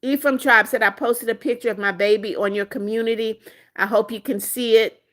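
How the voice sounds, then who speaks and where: Middle-aged woman, friendly livestream host, higher voice, reads out chat comments. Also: fairly even intonation, brisk, a bit bright. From United States. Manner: friendly, reads chat messages then answers them. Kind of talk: casual live chat, reading comments aloud.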